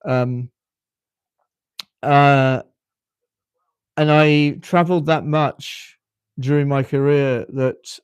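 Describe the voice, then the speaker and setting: Halting well-spoken British man in his fifties. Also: mid-range voice, fairly even intonation, clear, resonant tone, no echo. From United Kingdom. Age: 50s. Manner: halting, often repeats his words. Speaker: livestream host. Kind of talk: casual live chat.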